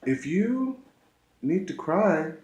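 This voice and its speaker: Guy talking slow and earnest to camera, repeats stuff, echoey room. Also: high voice, very animated, a little mellow. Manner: slow, earnest, with emphatic repetitions. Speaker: vlogger. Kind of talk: reflective talk to camera.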